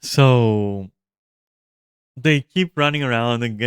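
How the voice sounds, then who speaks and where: A man streaming a game, telling a story casually, animated and profane, with lots of fillers and restarts. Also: medium pitch, a little slow, clean tone, no echo, studio quality. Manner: animated, profane, frequent fillers and self-interruptions; chats to viewers and a pet between stories.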